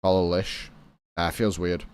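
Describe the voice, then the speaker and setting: A man's voice: low-pitched, flat delivery, normal speed, darkish tone, smooth. A young British man streaming a game, chatting casually with his chat and swearing now and then.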